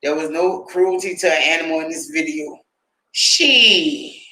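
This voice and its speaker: A man with a high, bright voice delivers casual, profanity-laced livestream commentary to his chat, laughing often. He talks at an unhurried pace, and the roomy echo of the space hangs around his words. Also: a little hiss or hum. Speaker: livestream host.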